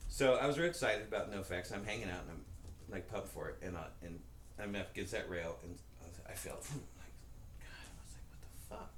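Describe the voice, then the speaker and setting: A man co-hosting a podcast, telling a long, rambling story in a casual, profane, animated way. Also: deep voice, fairly quick. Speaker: podcast co-host. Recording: roomy echo with faint background noise.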